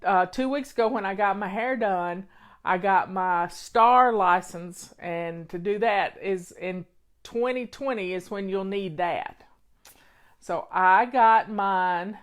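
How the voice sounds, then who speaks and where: A medium-pitched woman from the Southern United States, with a Southern accent, speaks slowly as she hosts a home-organizing live show. In casual chat she hands out folksy, motherly advice.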